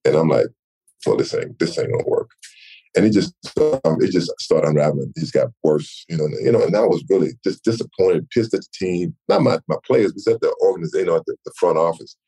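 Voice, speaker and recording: A man from Texas in his sixties, a retired football player telling animated stories in an interview. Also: sits low, fast talker, hardly any pauses. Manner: animated storyteller, acts out quoted voices. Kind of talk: storytelling interview.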